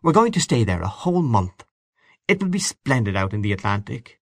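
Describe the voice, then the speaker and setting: A man's voice: mid-range voice, wildly swooping pitch, moderate pace, slightly rough, pitched above the performer's own voice, heavily acted. A man voicing a frank, talkative young woman who questions bluntly and insistently in a storybook reading. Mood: eager.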